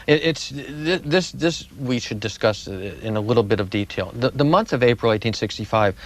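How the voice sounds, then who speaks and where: A man's voice: medium pitch, normal speed. A man answering interview questions as a guest historian, telling history with vivid, dramatic repetition.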